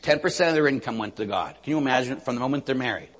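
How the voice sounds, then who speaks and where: A man's voice: medium pitch, lively intonation, rapid-fire, long reverb tail. A man, a Catholic priest, preaching a sermon with stories, acting out quotes and asking his listeners questions. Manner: storytelling, acts out quotes, asks the audience "Huh?".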